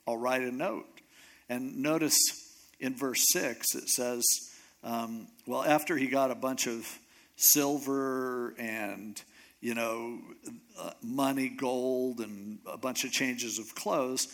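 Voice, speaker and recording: A middle-aged male pastor preaching a sermon, retelling a Bible story in a lively, conversational way and acting out the characters' lines. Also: medium pitch. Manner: animated storytelling, acting out characters in quick asides.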